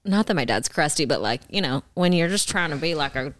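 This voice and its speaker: A woman's voice: deep voice, expressive, a little fast, fairly bright tone, no room sound, studio quality. A woman in her thirties co-hosting a podcast, chatting casually and joking with easy laughter. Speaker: podcast co-host. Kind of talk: casual chat.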